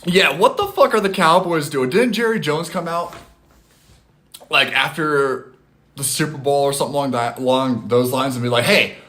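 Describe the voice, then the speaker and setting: A man hosting a casual live stream from his phone, talking with chat in an animated, loose way with casual swearing. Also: a little high, moderate pace.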